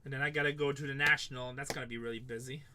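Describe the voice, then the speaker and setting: A man's voice: mid-range voice, fairly even intonation, very fast, background noise. A middle-aged man hosting a live card break, rambling and joking, casually swearing as he calls out teams. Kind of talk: livestream sales chat.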